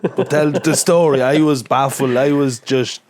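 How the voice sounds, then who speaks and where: A man's voice: medium pitch, steady tone, a little slow, a little mellow. A man hosting a podcast, asking a guest short questions to prompt his story. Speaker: podcast host. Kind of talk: casual interview.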